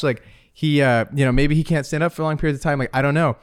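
A man in casual podcast chat, telling a story quickly and animatedly, acting out what people said. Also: mid-range voice, no echo, clean studio sound. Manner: fast, animated storytelling with quoted asides. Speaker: concert and sports photographer.

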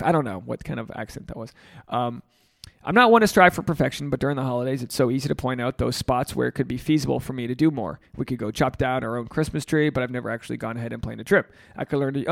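A man's voice: medium pitch, lively intonation, quick pace, gravelly, dry recording, clean studio sound. A man hosting a solo podcast, rambling and joking with plenty of swearing. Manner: profane, rambling, jokey. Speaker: podcast host.

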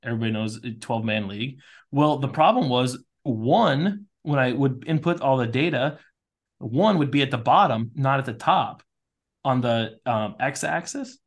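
A man in his thirties co-hosting a relaxed podcast, telling stories with lively, animated energy and a bit of casual swearing. His voice sits at an ordinary middle pitch. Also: moderate pace. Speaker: podcast co-host.

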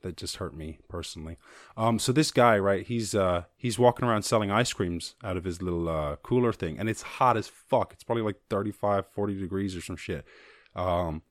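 A man hosting his own show, talking loosely and profanely in a jokey solo monologue and slipping into quick silly voices. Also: low voice, no echo, studio quality. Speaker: podcast host. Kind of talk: casual comedic monologue.

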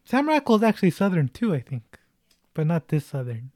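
Guy talking movies w a friend, kinda high voice but mellow, dry sound. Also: big pitch swings, normal speed, dry recording. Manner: laughs often, retells scenes. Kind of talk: casual movie discussion.

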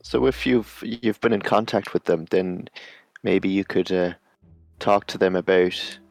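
A man's voice: low-pitched, steady tone, unhurried, vocal fry, faint music behind. A man playing a tabletop game, earnest and hesitant with frequent fillers. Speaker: player. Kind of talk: tabletop role-play.

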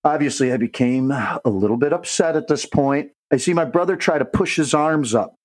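A man's voice: mid-range voice, normal speed, poor audio. A young man, a podcast co-host, telling a long rowdy story in casual, profane talk and acting out the voices of the people in it. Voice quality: profane, animated, acts out quoted voices.

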